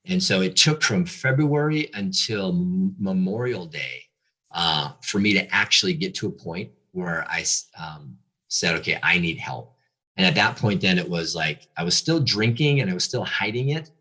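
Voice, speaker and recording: A man who is a pastor gives an earnest, confessional personal testimony as a guest, halting now and then with fillers. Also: sits low, animated, sharp tone, slightly rough.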